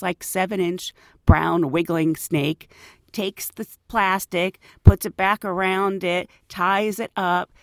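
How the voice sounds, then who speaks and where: A woman telling a story in a casual, animated way, acting out the people she quotes. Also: medium pitch, no echo, studio quality. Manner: animated, acts out quoted voices.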